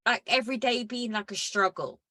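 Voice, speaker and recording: A woman's voice: on the high side, fairly quick, sharp tone, dry recording. A woman co-hosting a podcast, chatting casually and bluntly, swearing freely as she recaps a reality show. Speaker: podcast co-host. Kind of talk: casual chat.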